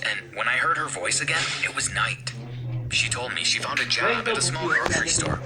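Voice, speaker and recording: A man's voice: on the low side, poor audio. Man narrating a dramatic storytime. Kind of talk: scripted first-person story narration. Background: background music.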